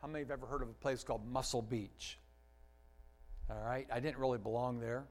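A man preaching a sermon as a pastor, telling stories with lively emphasis, sometimes loud, sometimes dropping quiet and slow, asking the congregation questions. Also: mid-range voice, poor audio. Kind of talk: sermon storytelling.

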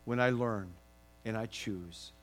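A man's voice: on the low side, takes it slowly, slight background noise. A male pastor preaching a sermon in a folksy, encouraging way, joking with the congregation and leading them in song.

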